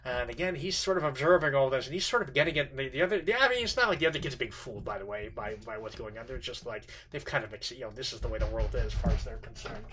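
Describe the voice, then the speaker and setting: Male teacher, middle-aged, bright tense tone; loose spoken lecture, stops and restarts often. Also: medium pitch, animated, slight background noise. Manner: halting, many fillers and restarts. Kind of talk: informal literature lecture.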